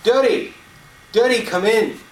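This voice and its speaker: A man in his fifties voicing a patient mother who calmly teaches her young son to make pancakes. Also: high-pitched, unhurried, voice pushed up, exaggerated voice. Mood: calling. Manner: calm, instructive, gently reassuring. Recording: echoey room, distant mic.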